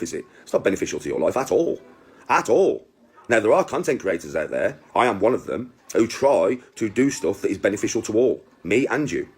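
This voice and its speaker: Fast-talking boastful man in his 40s. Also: medium pitch. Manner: boastful, swears a lot, keeps checking in with viewers. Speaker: content creator. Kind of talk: casual storytelling to camera.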